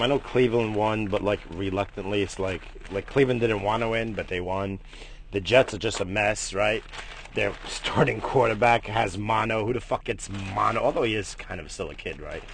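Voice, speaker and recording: A man hosting a casual morning vlog, rambling and swearing, jumping between loud bursts and low mutters. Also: a little hiss or hum. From United States. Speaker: morning stream host.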